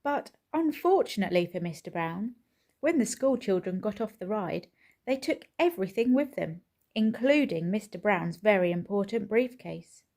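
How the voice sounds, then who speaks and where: Here a woman tells the story of a children's picture book out loud, slow and full of expression. Her voice falls in the mid-range.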